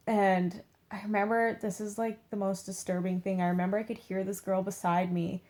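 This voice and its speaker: A woman's voice: medium pitch, flat delivery, normal speed, hardly any pauses, darkish tone. A young woman, chatting casually to the camera from her bed, full of "like" and acted-out quotes. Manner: chatty, heavy use of "like", acts out quotes. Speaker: beauty vlogger. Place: in bed at home.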